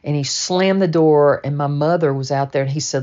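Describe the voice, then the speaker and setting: A woman from Georgia telling a personal memory in a slow, plainspoken and candid way. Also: sits low, warm tone, dull audio. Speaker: storyteller. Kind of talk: personal memoir storytelling.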